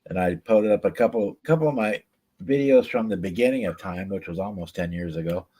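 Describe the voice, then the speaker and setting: A man's voice: low voice, brisk, mellow, slightly rough. A man guesting on a hobby livestream, chatting in an easygoing way about his builds. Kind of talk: casual chat.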